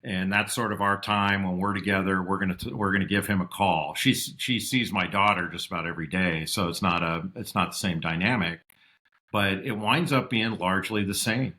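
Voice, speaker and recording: A middle-aged man telling stories as a podcast guest, reflective, and lively when he quotes his father. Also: deep voice, brisk. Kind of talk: casual interview storytelling.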